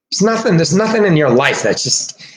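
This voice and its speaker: A man talking straight to his viewers in a long, rambling rant full of swearing. His voice sits fairly high and leaps around a lot, dropping to low mutters and then climbing to shouts, with short laughs between phrases. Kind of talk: rambling profane monologue.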